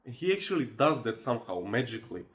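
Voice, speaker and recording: A man's voice: mid-range voice, big pitch swings, fast talker, a bit bright. A man speaking to camera in a casual, earnest motivational monologue, persuasive and loose with fillers. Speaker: motivational vlogger.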